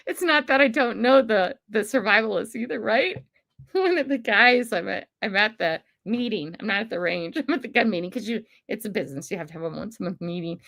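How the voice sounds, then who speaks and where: A woman's voice: mid-range voice, lively intonation, a little fast, gravelly, a bit bright. An older woman hosting a casual livestream, talking passionately and emphatically, rambling and laughing often. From Pacific Northwest of the USA. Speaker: livestream host.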